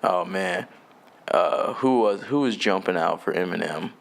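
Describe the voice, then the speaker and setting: A man's voice: low voice, measured pace, gravelly. Rambling, profane young man hosting a podcast. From Jamaica. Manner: loose, profane, laughs often, trails off mid-thought. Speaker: podcast host.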